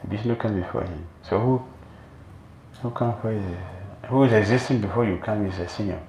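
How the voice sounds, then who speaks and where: A man monk giving a sermon as an animated storyteller, recorded in a temple hall. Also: fairly low pitch, moderate pace. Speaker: monk preacher. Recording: echoey room, faint noise.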